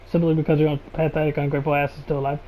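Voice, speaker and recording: A man voicing a vengeful, sadistic young man who threatens his captive in a fast, snarling rush. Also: a little high, flat delivery, lo-fi sound, a little hiss or hum, lightly acted. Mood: menacing.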